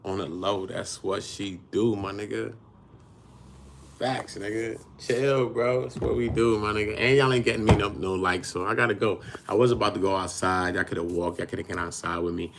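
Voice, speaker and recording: A man's voice: fairly low pitch, steady tone, normal speed, vocal fry, background noise. A man hosting a casual livestream, talking in a blunt, boastful way full of street slang. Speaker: livestream host.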